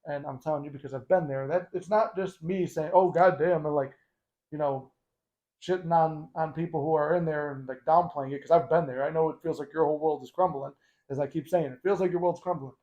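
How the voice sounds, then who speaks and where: A man's voice: fairly high pitch, steady tone, a little fast, mellow, muffled recording. A man hosting a casual motivational talk, speaking conversationally and bluntly with the odd swear. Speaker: host.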